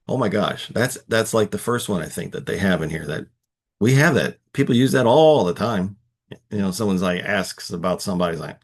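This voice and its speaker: A man's voice: deep voice, expressive, fairly quick, gravelly, slightly rough. A man with a Texan accent hosting a casual Bible study, reading verses and musing on them in a conversational way. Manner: musing, conversational, many fillers and restarts.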